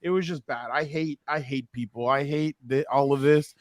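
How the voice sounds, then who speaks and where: A man's voice: medium pitch, normal speed, dry recording, clean studio sound. A man co-hosting a casual sports podcast, telling stories animatedly and acting out the voices of people he quotes. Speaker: podcast co-host.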